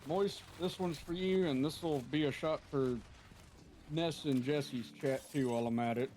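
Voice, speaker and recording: A man's voice: a little high, fairly even intonation, normal speed, a little mellow, a little hiss or hum. A man streaming a game with friends, joking around and swearing casually. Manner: joking, profane, loose. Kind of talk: casual gaming chat.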